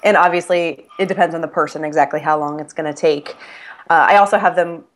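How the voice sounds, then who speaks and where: Low-voiced woman explaining her fitness program. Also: fairly even intonation, brisk, slight background noise. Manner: enthusiastic, explains in lists with restarts. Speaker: fitness coach and program creator. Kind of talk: casual conversation. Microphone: phone or online call.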